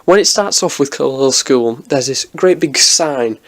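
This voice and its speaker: A man's voice: mid-range voice, lively intonation, a little slow. A man giving an enthusiastic, rambling review of a TV episode in a casual vlog, with many restarts.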